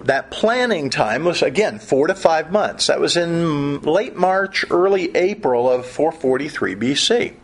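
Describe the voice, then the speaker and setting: A man delivers a sermon in an easygoing, conversational style, moving between scripture and wry asides. His voice sits a little high and has a husky, rough edge to it. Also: expressive, unhurried, few pauses. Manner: conversational preaching with humorous asides. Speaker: pastor.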